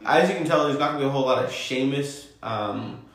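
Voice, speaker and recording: A relaxed man co-hosting a casual podcast, talking in an easygoing way with plenty of ums. His voice sits at an ordinary pitch. It bounces around a very echoey room. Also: fast talker. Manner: laid-back, says um often, laughs easily. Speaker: podcast co-host. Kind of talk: casual wrestling review chat.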